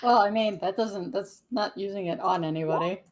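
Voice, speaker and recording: A woman's voice: medium pitch, a little fast. A woman playing in a tabletop role-playing game, chatting casually with playful banter. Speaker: player.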